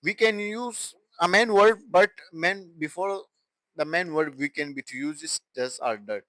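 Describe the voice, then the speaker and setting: Male grammar teacher, higher voice, slow and halting delivery, dry close sound. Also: fairly bright tone, no room sound, low-quality recording. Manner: halting, with restarts and broken phrasing. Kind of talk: classroom grammar explanation.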